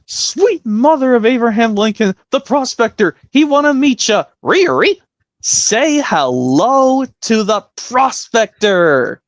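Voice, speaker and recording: Brief: man doing a high, excitable old prospector toy, dry close sound. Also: takes it slowly, dry recording, full character voice. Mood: eager.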